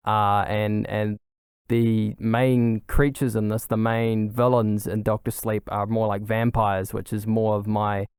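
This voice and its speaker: A man's voice: fairly low pitch, little pitch movement, measured pace, darkish tone, smooth, dry recording, clean studio sound. A young adult man hosting a casual solo podcast, talking in an eager, rambling way with many fillers and restarts. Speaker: podcast host.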